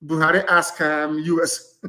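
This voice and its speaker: A man with a Nigerian accent delivers a live radio broadcast speech in a somewhat high-pitched voice. He is fiery and scornful. He jumps from loud bursts to low, muttered asides. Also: level tone, unhurried. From southeastern Nigeria. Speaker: political activist broadcaster.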